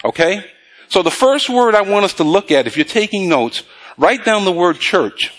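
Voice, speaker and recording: Lively high-voiced male preacher. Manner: call-and-response questions to the congregation; drawn-out scripture reading. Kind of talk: sermon.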